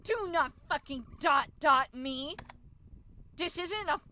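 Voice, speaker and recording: A woman voicing a betrayed teenage boy in a game, furious and foul-mouthed, hurling accusations in a high, bright voice. He talks slowly and leans on every word. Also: expressive, lo-fi sound, a little hiss or hum, full character voice. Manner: swearing, yelling accusations.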